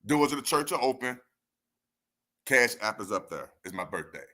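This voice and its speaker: Bright-voiced man teaching on a livestream. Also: mid-range voice, moderate pace. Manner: animated, slangy, repeats key points. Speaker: financial educator hosting a livestream.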